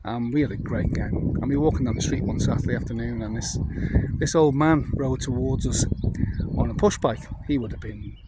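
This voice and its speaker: A man's voice: medium pitch, fairly quick, heavy background noise. Rambling Welsh man in his fifties. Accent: North Welsh. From North Wales. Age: 50s. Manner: rambling, chatty, full of fillers. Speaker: vlogger. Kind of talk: casual anecdotal monologue.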